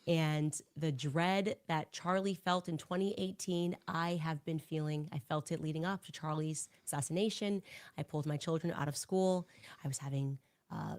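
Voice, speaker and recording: Solemn woman with a low voice. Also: fairly even intonation, normal speed, a little mellow. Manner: solemn, ominous. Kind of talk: talk show monologue.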